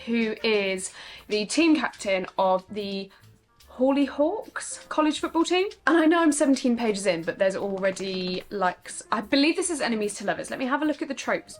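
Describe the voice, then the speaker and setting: A woman's voice: mid-range voice, expressive, moderate pace, soft background music. A young woman chatting casually in a reading vlog, ranting in an exasperated way and asking rhetorical questions. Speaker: book vlogger.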